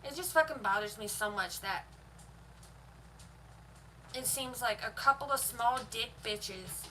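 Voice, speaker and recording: A woman's voice: fairly high pitch, unhurried, pushed and bright. A young woman ranting to camera in a heated, profane, emphatic way. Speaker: vlogger. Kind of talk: heated opinion rant to camera. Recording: voice a bit far from the mic, faint noise.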